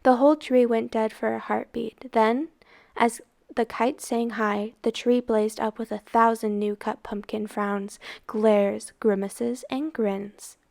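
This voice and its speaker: A woman reads a storybook aloud with dramatic expression, her voice set a little high. A gravelly, creaky texture runs through her narration. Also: fairly even intonation, slow, a little mellow. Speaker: reader.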